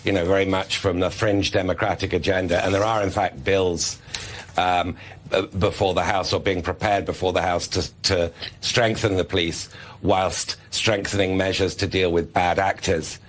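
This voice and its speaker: A British man, a newspaper reporter, answering as a TV news guest with halting speech and many ums. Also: low voice, little pitch movement. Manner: halting, lots of ums and restarts.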